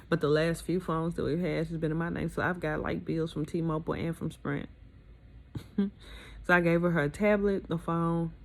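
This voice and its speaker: A woman with a low, creaky voice candidly recounts her own divorce. She tells it casually but with a note of grievance, in an emotional, personal storytelling style.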